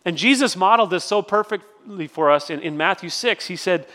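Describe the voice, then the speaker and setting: Preaching in a church sanctuary, a middle-aged pastor talks a little fast with few pauses, his high voice animated, pushed and bright. He tells his stories conversationally and keeps restarting, all under the long reverb of a big hall.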